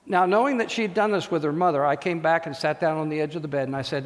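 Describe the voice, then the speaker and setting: A man's voice: a little high, fast talker, hardly any pauses. A man preaching a sermon, telling a story and acting out the voices in it. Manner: animated storyteller, acts out voices. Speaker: pastor. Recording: long hall reverb.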